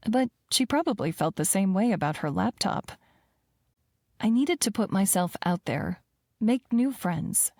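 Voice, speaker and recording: A woman's voice: medium pitch, a little mellow, no room sound. Woman reading a romance audiobook, dry studio sound. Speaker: audiobook narrator. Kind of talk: first-person romance narration.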